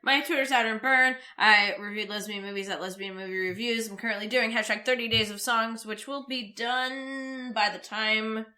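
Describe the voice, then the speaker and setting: Woman, co-host with a cold, bright sharp tone, slightly high, dry playful teasing. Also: steady tone, normal speed, hardly any pauses. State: has a cold. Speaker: podcast co-host. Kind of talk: casual chat.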